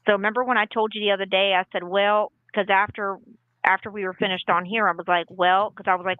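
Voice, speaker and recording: A woman's voice: medium pitch, little pitch movement, fast talker, no echo. A woman calling into a livestream, defensive and repeating herself as she insists on her side. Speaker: caller on a livestream. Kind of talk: casual livestream chat. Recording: tinny phone-like call audio.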